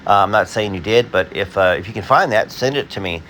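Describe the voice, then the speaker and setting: A man hosting his video and reading viewer comments in a casual, halting way, full of fillers and restarts; he sounds tired. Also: sits low, fairly bright tone, a little hiss or hum.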